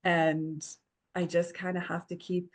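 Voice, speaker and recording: Earnest lower-voiced woman in her forties. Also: flat delivery, unhurried. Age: 40s. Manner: earnest, reflective storytelling. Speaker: divorce coach guest. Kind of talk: podcast interview.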